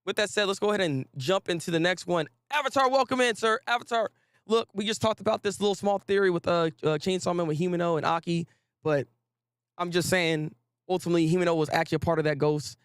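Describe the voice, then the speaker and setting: A fairly high-pitched man hosting a casual anime talk stream. He speaks with lively, slangy enthusiasm, often repeating himself and calling out viewers by name. The sound is close and dry, with no room echo. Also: fast talker, smooth. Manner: animated, repetitive, slangy, greets chat viewers. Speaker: host.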